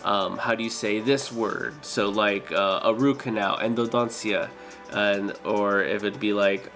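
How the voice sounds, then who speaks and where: A man's voice: on the low side, steady tone, a little slow, fairly bright tone, faint music behind. A man chatting casually with his stream viewers, hesitant and full of fillers and restarts. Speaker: streamer and dental worker.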